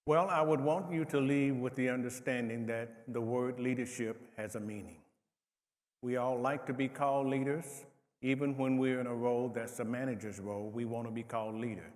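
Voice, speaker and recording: A man's voice: mid-range voice, steady tone, moderate pace. A man on a conference panel speaking directly and bluntly. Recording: reverberant conference hall.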